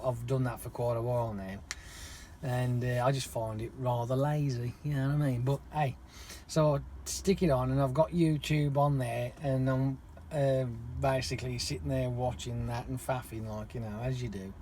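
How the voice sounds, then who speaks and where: A man, swearing constantly as he rants through an animated story to his vlog viewers. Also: on the high side, a little hiss or hum. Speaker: lorry driver vlogger. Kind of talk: casual rant to camera.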